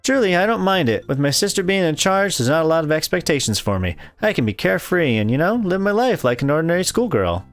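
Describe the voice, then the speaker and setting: A man's voice: fairly high pitch, very animated, quick pace, few pauses, soft background music, voice pushed up. A man voicing a chipper, forward teenage schoolgirl from a rich family, reading her lines in a perky, teasing way for a game playthrough.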